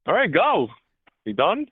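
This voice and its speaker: A man's voice: sits high, slightly rough, dry recording. A man calling in to a political show, interrupting and answering with sarcasm. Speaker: caller. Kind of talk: call-in debate. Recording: tinny phone line.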